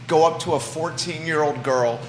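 A man in his forties hosting a casual talk show, telling stories in an emphatic, animated way. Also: fairly high pitch, normal speed, slight background noise. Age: 40s. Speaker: host. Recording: echoey room with long reverb.

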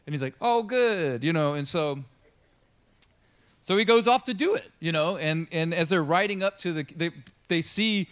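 A pastor telling a Bible story in a casual, chatty sermon. He is animated and acts out the characters in the story. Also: a little high, normal speed. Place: church.

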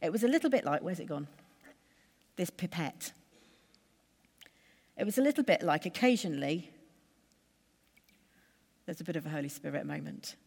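A woman's voice: low voice, animated, creaky, darkish tone, breathy edge. Woman preaching in a reverberant church. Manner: measured, conversational preaching with lists and pauses. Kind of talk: sermon.

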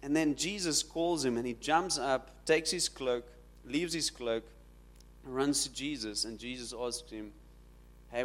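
A man preaching a sermon, building to loud, dramatic peaks as he retells the story. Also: medium pitch. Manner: dramatic, rising to shouts when quoting. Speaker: pastor.

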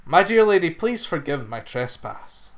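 A man's voice: on the high side, very animated, measured pace. A man voicing a nervous young farm labourer who apologises humbly to his master. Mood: pleading. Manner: apologetic, deferential.

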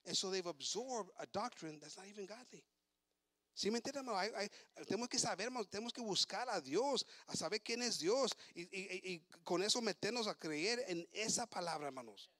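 A man with a high, ringing voice preaching a sermon in both English and Spanish. He flips between the two languages, stumbles over repeated words, and rises to fervent shouting. The sound is close and dry, with no room echo. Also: animated, quick pace. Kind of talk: bilingual sermon.

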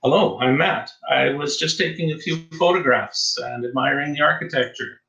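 A man's voice: a little high, normal speed, gravelly, pushed and bright, muffled recording, voice pushed up. A man voicing a defiant young man who talks curtly, recorded with a roomy echo. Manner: curt, defiant.

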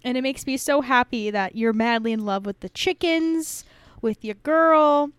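A woman co-hosting a podcast, talking casually and warmly, with plenty of swearing and filler words. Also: on the high side, animated, moderate pace, clean tone, dry recording. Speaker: podcast co-host.

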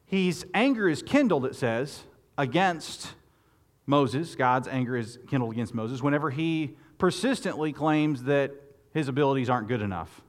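A man preaching a sermon, lively and expressive, often repeating words and restarting phrases as he talks. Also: normal speed. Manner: expressive preaching, rising loud and high when quoting Moses. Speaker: pastor.

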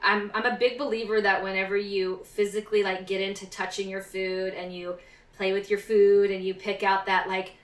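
A woman co-hosting a casual podcast from home, bubbly and quick to laugh. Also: medium pitch, flat delivery, echoey room. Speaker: podcast co-host.

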